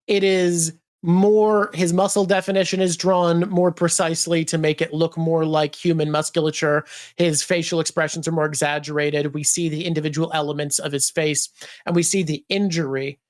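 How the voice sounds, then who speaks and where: Lower-voiced analytical woman host. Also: fairly even intonation, moderate pace, darkish tone. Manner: thoughtful, analytical, breaks into playful voices. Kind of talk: casual chat, comics discussion.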